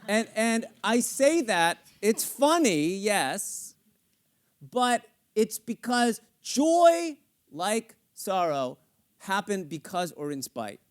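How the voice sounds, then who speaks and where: A man's voice: sits high, big pitch swings, takes it slowly, smooth. A middle-aged man coaching a singer in a live masterclass on a theater stage. He acts out lyrics and a character's inner thoughts, playful and sometimes swearing. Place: theater stage with studio audience.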